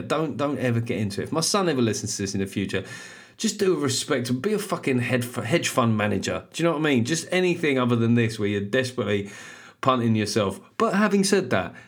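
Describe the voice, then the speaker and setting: A man hosting a comedy podcast alone, rambling, swearing and mocking himself. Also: medium pitch. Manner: rambling, sweary, self-deprecating. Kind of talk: solo comedic podcast monologue.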